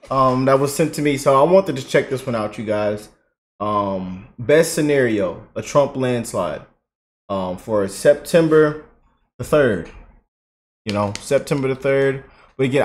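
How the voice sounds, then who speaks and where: A man hosting a casual commentary vlog, slangy and mocking, with lots of asides to his viewers. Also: medium pitch. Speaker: political commentary YouTuber.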